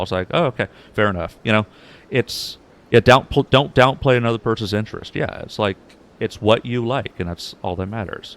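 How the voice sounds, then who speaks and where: Low-voiced man chatting on stream. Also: gravelly, slight background noise. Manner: rambling, many fillers and restarts. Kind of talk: casual chat to stream viewers. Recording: faint music behind. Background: faint background music.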